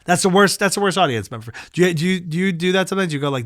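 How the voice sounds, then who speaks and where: A man's voice: sits high, lively intonation, very fast, fairly bright tone, no echo, studio quality. A man who does stand-up, telling rambling, profane stories in a casual podcast chat. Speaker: stand-up comedian.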